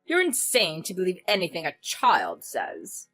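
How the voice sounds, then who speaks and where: A woman's voice: on the low side, wildly swooping pitch, measured pace, a bit bright, faint music behind, heavily acted. A woman voicing a sly, spiteful older mother-in-law who defends herself with pleading denials. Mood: defensive.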